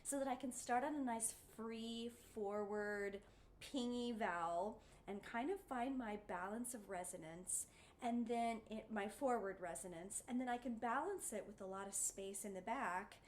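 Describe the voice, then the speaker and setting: A woman's voice: a little high, unhurried, slight background noise. A woman giving a singing lesson, encouraging her students and showing them the sounds with sung vowels. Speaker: voice teacher.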